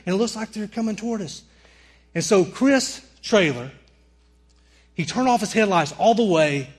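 A young man with a Southern drawl delivers a sermon in a storyteller's way. His voice sits fairly high, and he acts out every line of the tale with full energy. He turns the story into a lesson for his congregation. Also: normal speed, long pauses, breathy edge. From Alabama. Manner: animated storyteller, acts out screams and dialogue. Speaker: preacher.

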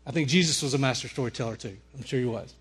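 A young man from Alabama with a Southern accent, preaching a sermon through a lively personal story, acting out his own screams and dialogue. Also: medium pitch, racing, breathy edge.

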